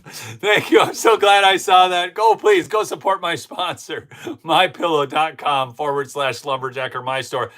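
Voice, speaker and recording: A fired-up male host rants through a live political stream and keeps turning to his chat. His voice sits high for a man, and his indignation builds as he goes. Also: steady tone, unhurried, a bit bright. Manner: heated and indignant, talks to the chat. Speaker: political commentary show host.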